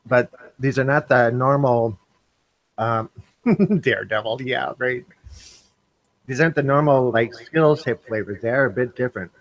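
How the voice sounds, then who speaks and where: A man's voice: medium pitch, moderate pace, pauses often, no room sound, low-quality recording. A man hosting a casual live stream, taste-testing candy and talking between mouthfuls. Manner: eats candy on camera, apologizes for chewing.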